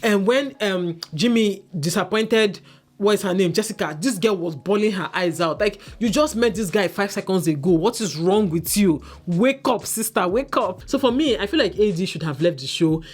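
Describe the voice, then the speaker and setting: A woman's voice: mid-range voice, expressive, normal speed, a little mellow. A woman giving an exasperated, ranting review of a reality dating show, mock-quoting the cast as she goes. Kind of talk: casual opinionated review.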